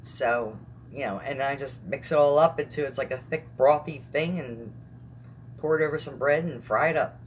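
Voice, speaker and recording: A woman's voice: extremely low pitch, moderate pace, slight background noise. A young woman vlogger chatting casually on a live stream, rambling and laughing often.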